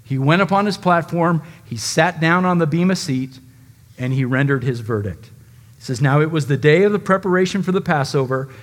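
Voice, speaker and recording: A man preaching a sermon, dramatically acting out quoted lines with shifting loudness. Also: on the high side, animated, brisk. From United States. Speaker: pastor.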